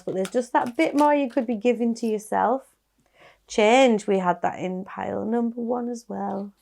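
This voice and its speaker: A woman's voice: medium pitch, gravelly, darkish tone. Chatty Yorkshire woman reading tarot. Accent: Yorkshire English. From Yorkshire, England. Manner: chatty, musing, reassuring, with small laughs and restarts. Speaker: tarot reader. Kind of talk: casual tarot card reading.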